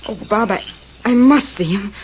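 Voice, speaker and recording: A woman's voice: mid-range voice, normal speed, breathy edge. An actress playing a pleading, emotional young woman in an old radio drama. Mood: tender. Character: frightened young woman held captive. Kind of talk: 1930s radio acting. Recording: muffled old radio recording with hiss.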